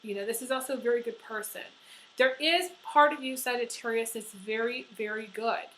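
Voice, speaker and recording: A woman's voice: on the high side, brisk, fairly bright tone, a little hiss or hum, rough recording. Earnest emotional woman tarot reader. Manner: earnest and emotional, many fillers and restarts. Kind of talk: tarot horoscope reading to camera.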